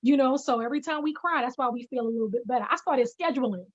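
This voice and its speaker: A woman's voice: high voice, fast talker, dry recording, lo-fi sound. A woman guest on a video call, speaking emphatically with a preacher-like cadence about healing. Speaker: guest, singer and life coach. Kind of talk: encouraging preacher-like conversation.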